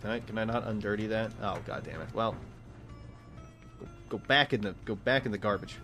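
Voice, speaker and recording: A man's voice: fairly low pitch, a little fast, fairly bright tone, soft background music. A man from Texas giving casual, rambling gameplay commentary as a streamer, swearing freely and laughing often.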